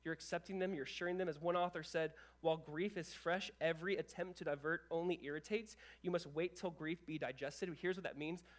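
Fast-talking, high-pitched male pastor preaching. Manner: animated, conversational preaching with quick asides. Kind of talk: sermon.

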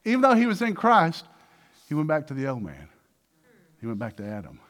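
A man preaching a sermon with lots of energy, acting out little dialogues and swinging between loud bursts and hushed passages. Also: fairly high pitch, huge pitch swings, brisk. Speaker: pastor.

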